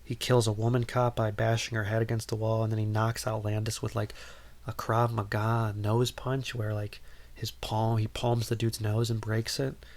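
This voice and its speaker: A male podcast host with a somewhat low voice, talking through a movie plot in a loose, casual way. He rambles, fills gaps with ums, and drops in dry, amused asides. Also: flat delivery, normal speed, darkish tone. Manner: rambling, frequent ums, wry.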